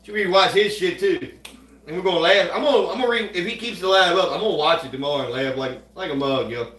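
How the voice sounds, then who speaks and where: Rambling man with a high voice. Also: fast, fairly bright tone. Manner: loose, rambling, drawling, laughs often. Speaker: livestreamer. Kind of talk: casual livestream chat. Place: at home, cooking. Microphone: phone. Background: food frying and sizzling.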